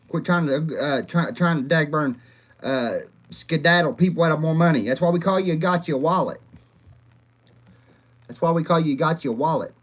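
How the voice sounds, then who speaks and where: The audio is dull as a man with a slightly high voice hosts a live chat at a moderate pace. He's crude and profane, rambling, laughing a lot, and calling out viewers by name in a rowdy way.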